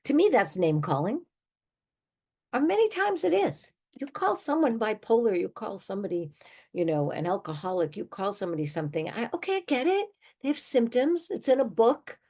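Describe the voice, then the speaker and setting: In a slightly high, sing-song, warm voice at a moderate pace, an older woman gives advice directly to her audience. She's a therapist hosting her own show, emphatic and conversational, with little laughs punctuating her points.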